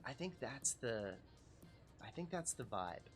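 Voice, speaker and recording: A man's voice: mid-range voice, big pitch swings, takes it slowly, soft background music. A man hosting a casual livestream talk show, rambling, profane and self-mocking.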